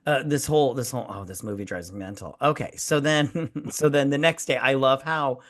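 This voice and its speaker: A man's voice: medium pitch, fairly quick. A man hosting a casual movie review podcast, swearing freely and acting out scenes in quoted voices. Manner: profane, animated, acts out scenes in quoted voices. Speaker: podcast host.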